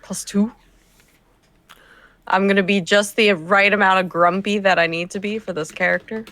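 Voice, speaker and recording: A woman chats and jokes with her tabletop group in a bright, forceful voice. She sounds playful, though she is running short on sleep. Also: mid-range voice, steady tone, moderate pace. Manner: playful, jokey banter. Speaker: player. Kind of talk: casual chat.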